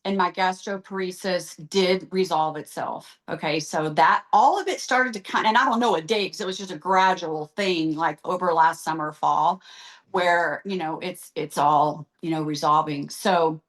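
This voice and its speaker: A woman's voice: lowish voice, normal speed. A middle-aged woman, a guest on a podcast interview, speaking earnestly and with emotion, rattling off long lists of terms.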